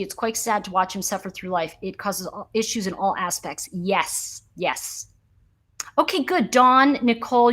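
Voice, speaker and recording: A middle-aged woman hosting a casual livestream, answering viewer comments and telling a story with a lot of laughter. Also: medium pitch. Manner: animated storyteller, laughs often. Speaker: livestream host.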